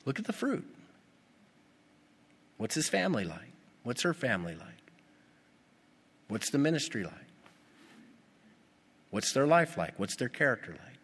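A male pastor preaching a sermon, animated and putting rhetorical questions to his congregation. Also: mid-range voice, measured pace, long pauses, slightly rough. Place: church. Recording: long reverb of a church hall.

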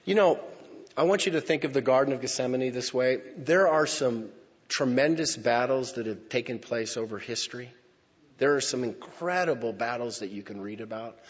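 A male pastor preaching a sermon, slow and emphatic, swinging from loud declarations to hushed near-whispers. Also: medium pitch, slightly rough. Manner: slow, emphatic phrasing with pauses. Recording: lo-fi with long hall reverb.

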